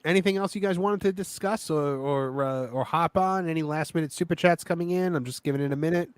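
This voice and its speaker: A man's voice: on the high side, a little fast, smooth, no echo. A man hosting a casual livestream chat who reads out viewer questions and chats easily with his co-hosts. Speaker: livestream host.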